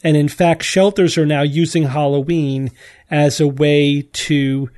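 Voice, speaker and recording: A man's voice: fairly high pitch, flat delivery, unhurried, a little mellow. A man hosting a podcast, explaining things in casual panel chat and often restarting his sentences. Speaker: podcast host.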